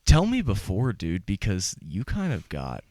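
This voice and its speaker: A man in his thirties hosting a casual interview, asking questions in a relaxed, curious way. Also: lowish voice, a little slow, no room sound. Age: 30s. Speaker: podcast host.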